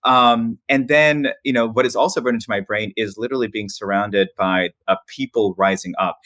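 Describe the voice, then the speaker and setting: Animated storytelling man, dry close sound. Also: lowish voice, normal speed, no echo. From Philippines. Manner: animated, laughs often, many restarts. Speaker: podcast guest, author. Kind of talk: casual storytelling interview.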